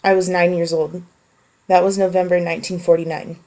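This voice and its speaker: A woman with a slightly low voice talks in an offhand, wry way. She makes a casual voice post and answers a list of questions. When she reads prose aloud, she slows down and keeps it even. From United States. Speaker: vlogger answering a question meme.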